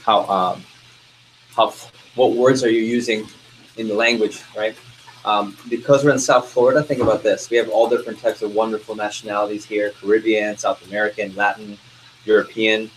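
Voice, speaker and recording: A man's voice: on the low side, flat delivery, fairly quick, slight background noise, rough recording. A man running a sales training session, speaking energetically and constantly firing questions at his class. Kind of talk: interactive training talk.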